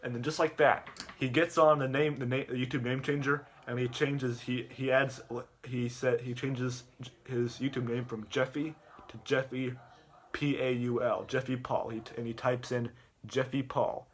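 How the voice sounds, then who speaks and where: A man's voice: medium pitch, level tone, normal speed. A man in a rambling rant, full of stammered restarts and swearing. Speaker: youtuber.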